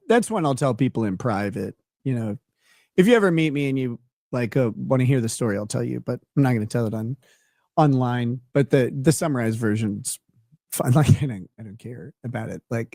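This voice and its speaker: This is a man from Minnesota, hosting a casual chat show and spinning a long, rambling anecdote. He laughs often, restarts his sentences and leans on fillers. His voice sits at an ordinary middle pitch, and the sound is dry and close, with no room behind it. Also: dry recording. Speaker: show host.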